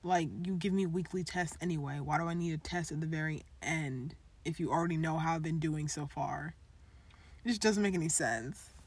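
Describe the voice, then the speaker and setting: A young woman co-hosting a podcast, chatting casually and animatedly, rambling and quick to laugh. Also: low-pitched, a little mellow, slightly rough. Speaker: podcast co-host. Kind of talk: casual chat.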